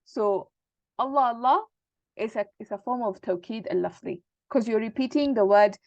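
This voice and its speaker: A woman's voice: medium pitch, moderate pace, creaky, mellow, dry recording. A woman teaching an Arabic grammar lesson in an explanatory way, with fillers and restarts. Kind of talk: recorded lesson lecture. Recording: dull lo-fi dry recording.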